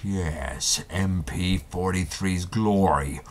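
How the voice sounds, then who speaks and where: A man's voice: sits low, takes it slowly. A man playing a theatrical robot warlord. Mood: grandiose. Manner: over-dramatic, theatrical, grandiose. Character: pompous scheming male robot warlord. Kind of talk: stop-motion comedy voice acting.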